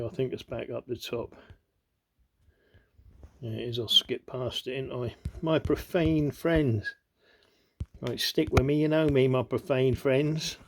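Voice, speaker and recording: Narrating video clips as they play, a conspiracy video host points things out and keeps circling back to "look" and "you know what I mean," urging the listener on. His voice has a gravelly edge, a slightly mellow quality, and sits in a typical middle male range.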